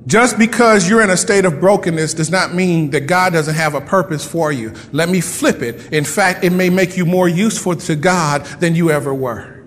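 A man preaching a sermon as pastor of his church, animated, with playful asides and lively storytelling. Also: a little high, normal speed, long reverb tail. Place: church sanctuary.

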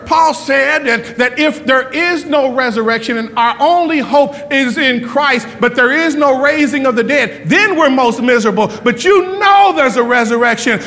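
Pastor, male, high bright voice, fervent sermon with rapid-fire repeated questions, echoey church hall. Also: lively intonation.

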